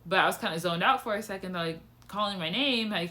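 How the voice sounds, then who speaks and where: A young woman talks straight to camera in a casual personal vlog. Her voice is bright and forceful, and her pitch jumps up for emphasis. She is candid and animated, with frequent swearing. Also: quick pace. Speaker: vlogger.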